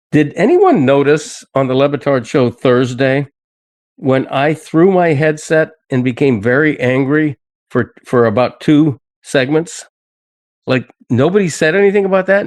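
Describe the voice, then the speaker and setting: A man's voice: mid-range voice, expressive, a little slow, darkish tone, no echo. Older man, podcast host, casual chat, indignant but joking, dry close mic. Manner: indignant, then laughs it off.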